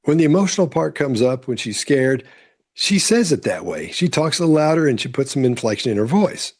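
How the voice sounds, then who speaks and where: A man commenting on courtroom testimony, explaining calmly step by step. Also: medium pitch, brisk. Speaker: body-language commentator.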